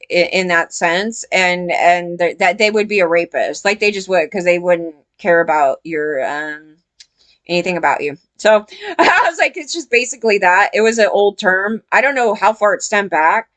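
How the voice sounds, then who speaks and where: A woman ranting in casual commentary, blunt and profane, rambling with lots of fillers, her pitch jumping when she gets outraged. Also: a bit bright.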